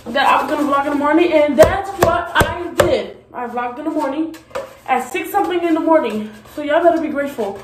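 A woman's voice: high voice, brisk. A woman vlogging to the camera in a bathroom, hyper and playful, squealing and making beep noises. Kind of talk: casual vlog talk to camera. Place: grandmother's bathroom. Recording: echoey room with noise.

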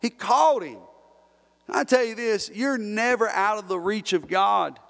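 A man's voice: high-pitched, a little slow, creaky, a bit bright. A man preaching a sermon as pastor, fervent and repetitive, calling out to his congregation. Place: church sanctuary. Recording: long reverb in a church hall.

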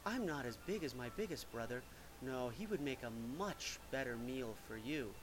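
A man's voice: medium pitch, expressive, moderate pace, natural voice. A man voicing a middle-sized male billy goat in a storybook, coaxing and persuasive.

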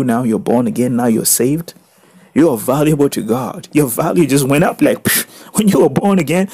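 A male pastor preaching a sermon and reading scripture, swinging between soft reading and loud emphatic exclaiming. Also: medium pitch, husky, no echo.

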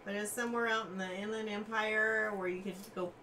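A woman's voice: mid-range voice, fairly even intonation, brisk, pushed and bright, recorded from a distance, slight background noise. Giggly woman co-hosting, a bit off-mic. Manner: giggly, chimes in with asides. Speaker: co-host. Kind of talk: casual chat on a live stream.

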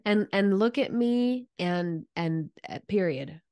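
A woman's voice: medium pitch, animated, slow, warm tone. A woman hosting a faith podcast, who muses earnestly and speaks in bursts of emphasis. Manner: earnest and musing, with frequent restarts and bursts of emphasis. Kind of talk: reflective faith conversation.

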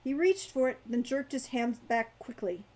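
A woman reading her own fantasy novel aloud in a measured, expressive way. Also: on the high side, low-quality recording.

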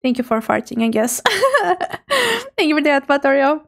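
A woman live streamer chatting casually with her viewers, bubbly, giggly and nervously excited. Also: high-pitched, normal speed. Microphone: streaming microphone.

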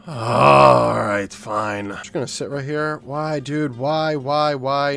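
A young man giving live commentary over a shooter game, swearing often and swinging from low mumbling to loud yelling. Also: fairly even intonation, takes it slowly, gravelly, few pauses, no room sound, soft background music. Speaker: gaming YouTuber.

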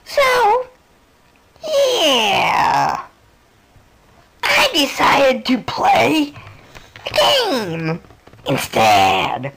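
A man giving sarcastic video game commentary, jumping between high and low tones. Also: wildly swooping pitch, very slow, gravelly, long pauses, noisy background. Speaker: let's play commentator. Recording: game music under the voice. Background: game music.

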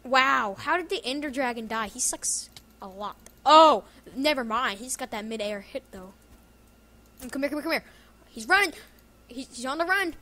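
A high-pitched woman with a bright, sharp tone, commentating her own gameplay in a loose, joking way. She keeps up a running stream of self-talk and bursts into yells and laughter as the action swings. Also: normal speed. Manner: excitable, yelling and laughing at the game. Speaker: gaming YouTuber.

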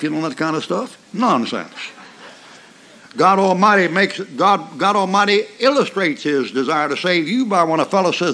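A man's voice: high-pitched, very animated, normal speed, sharp tone. An older man preaching a sermon in a folksy, emphatic way, mixing mocking asides with chuckles.

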